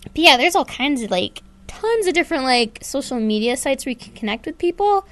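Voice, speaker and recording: A woman's voice: sits high, big pitch swings, brisk, fairly bright tone. A woman co-hosting a casual web talk show, chatting and giggling often, with lots of "like" fillers. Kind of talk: casual chat.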